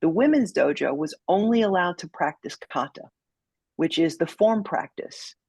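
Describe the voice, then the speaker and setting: A woman's voice: fairly low pitch, expressive, normal speed, vocal fry, darkish tone, breathy edge, no echo. A woman, a judo sensei and podcast guest, telling a story vividly and acting out the quotes.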